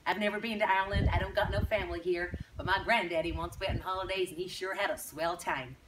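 A woman's voice: fairly low pitch, steady tone, quick pace, echoey room, natural voice. A woman putting on a bubbly Texan pageant girl. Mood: chirpy. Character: naive young Texan beauty contestant woman. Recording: distant mic with background noise.

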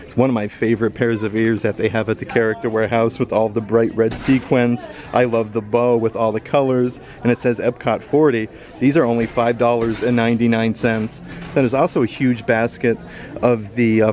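A man with a mid-range voice strolls through a shop with a handheld camera, chatting upbeat about what he sees. His casual vlogging tone keeps a steady, friendly flow as he reads out prices. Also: mid-range voice. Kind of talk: casual shopping walkthrough. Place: indoor retail store.

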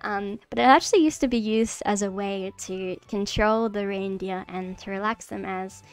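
A woman's voice: medium pitch, moderate pace, clean tone, no echo. A woman streamer giving a casual livestream lesson, nervous and giggly, rambling with many fillers and restarts. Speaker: streamer teaching mycology. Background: faint background music.

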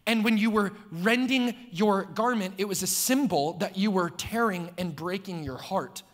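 High-voiced casual man preaching. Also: normal speed. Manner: casual slangy preaching, animated swings in pitch and volume. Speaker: pastor. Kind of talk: sermon. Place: church sanctuary before a congregation.

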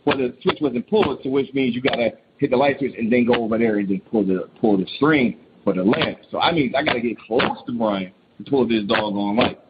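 A man calling in to tell a true ghost story in casual, rambling speech, full of restarts and repeats, getting animated when he quotes others. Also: mid-range voice, fairly quick, hardly any pauses, lo-fi sound, background noise. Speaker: caller. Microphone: phone call.

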